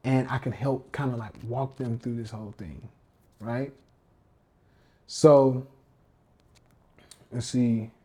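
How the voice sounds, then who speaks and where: A man's voice: medium pitch, steady tone, slow, pauses often, warm tone, breathy edge. A man hosting a casual livestream rant as a trading coach, slangy and emphatic, often repeating himself. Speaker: podcast host and trading coach.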